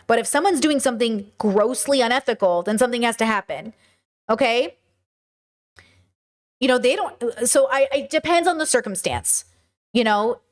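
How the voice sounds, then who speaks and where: A woman hosting a livestream, answering viewers' chat questions in an earnest, emphatic way. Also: on the high side.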